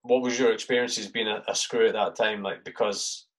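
A man's voice: lowish voice, steady tone, moderate pace, low-quality recording. A man hosting a casual podcast interview, rambling with fillers and frequent swearing. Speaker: podcast host.

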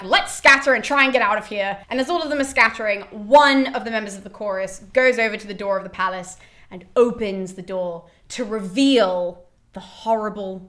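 A woman presenter giving an animated, chatty summary of a classical play, swearing and laughing freely. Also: mid-range voice. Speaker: YouTube presenter.

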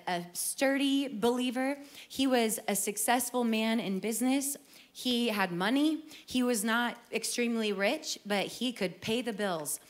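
Earnest woman telling her life story. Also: on the high side. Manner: earnest storytelling, emotional, with repeated phrases. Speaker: worship singer sharing testimony. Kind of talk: personal testimony.

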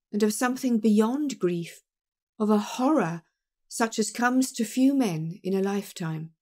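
A woman narrating an audiobook of a classic detective story in a measured, expressive reading. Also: a little high.

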